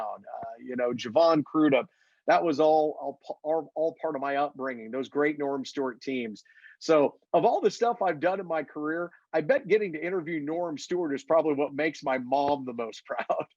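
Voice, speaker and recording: Fairly high-pitched and at normal speed, a Missouri play-by-play announcer talks casually in an interview, recorded with dull audio and no echo. He brings his stories to life by acting out the people in them.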